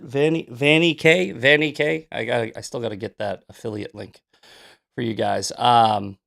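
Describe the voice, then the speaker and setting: A man's voice: mid-range voice, gravelly. A man hosting a casual live-stream news commentary show, rambling and joking between points. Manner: loose, rambling, jokey asides while fixing tech.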